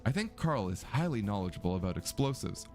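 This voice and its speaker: A man's voice: on the low side, big pitch swings, a little fast, a little mellow, faint music behind. A man voicing an earnest young woman amateur detective in a mystery game, reading her dialogue steadily in his own voice.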